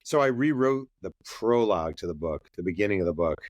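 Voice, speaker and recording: A male author, a guest on a podcast, telling stories in a casual, lively way and acting out the dialogue. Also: low voice, brisk, no echo. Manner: lively storyteller who acts out dialogue and uses many fillers. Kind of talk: casual interview storytelling.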